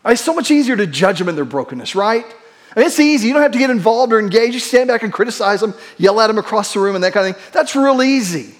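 High-voiced pastor preaching a sermon. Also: male voice, expressive. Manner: shifts between quick asides and slow, hushed emphasis; leads the congregation in call-and-response.

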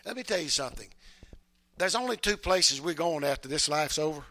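Male bishop, high bright voice; folksy sermon delivery, quiet asides building to shouted praise. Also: animated, fairly quick. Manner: folksy, repeats words, calls out amen. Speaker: bishop preaching. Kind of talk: Pentecostal-style sermon.

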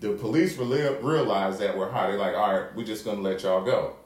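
A man's voice: lowish voice, a little fast. Laughing, profane man telling a story. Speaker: podcast co-host. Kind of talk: casual storytelling chat. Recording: echoey room with faint noise.

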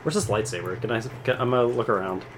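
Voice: mid-range voice, fast, slight background noise. A player in a casual tabletop game, talking hesitantly with many fillers, joking and swearing.

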